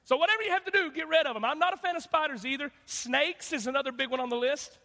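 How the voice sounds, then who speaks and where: A man's voice: very high voice, fast talker, pushed and bright, long reverb tail. A man preaching a sermon as a guest pastor, chatty and joking, with many fillers and restarts. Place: church sanctuary.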